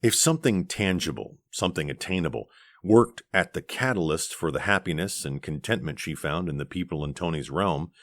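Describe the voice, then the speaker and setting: A man reading an audiobook aloud in a measured, gentle narration on a close studio mic. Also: low voice, expressive, dry recording.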